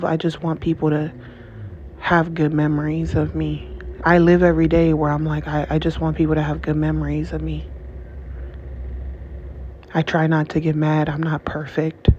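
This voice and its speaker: A woman speaks to her viewers in a heated, emotional monologue, repeating herself and breaking off mid-sentence. Her voice stays level and flat in tone. The recording is dull and lo-fi with a faint hiss behind it. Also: deep voice. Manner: angry, repetitive, restarts often, curses. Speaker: channel host.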